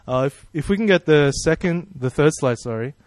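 A man's voice: on the high side, animated, normal speed, a little mellow, no echo. A man preaching a sermon in a friendly, conversational way, praying and asking the congregation questions. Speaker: pastor.

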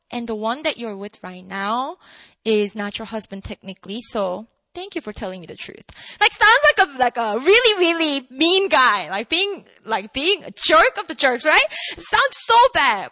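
A woman preaching a sermon to a room, emphatic and animated, asking her listeners rhetorical questions. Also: high voice, no echo. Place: room with an audience.

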